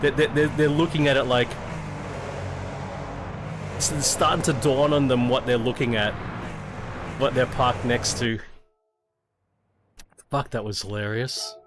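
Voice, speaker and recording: A middle-aged Australian man, a sim racing streamer, tells a story slowly in a steady mid-range voice, leaving long pauses. His casual chat is profane and rambling with frequent restarts, and background noise is noticeable.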